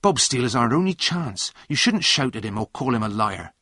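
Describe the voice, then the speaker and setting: A steady young man speaks firmly and in measured phrases, as a male storyteller voices him. His pitch still moves a lot from phrase to phrase. The sound is dry and close. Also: no room sound. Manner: firm, measured speech. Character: steady, firm young man, calm leader.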